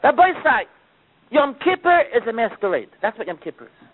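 A man with a strikingly high voice delivers a sermon as a dramatic storyteller, dropping to near-whispers and then rising again. The recording is thin and phone-like. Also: very animated, fairly quick, breathy edge. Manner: dramatic storytelling, swinging between loud and hushed. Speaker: preacher.

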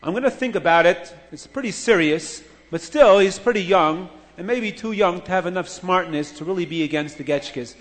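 A man's voice: high-pitched, moderate pace, few pauses, big-room sound, close to an everyday voice. A man voicing a stern Roman emperor who blusters emphatically. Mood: dismissive.

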